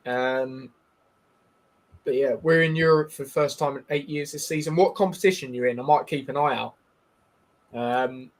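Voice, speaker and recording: A man hosting a live football watchalong, chatting in a rambling, bantering way with lots of fillers and calling the match as it goes. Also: medium pitch. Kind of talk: casual live-stream chat with match commentary.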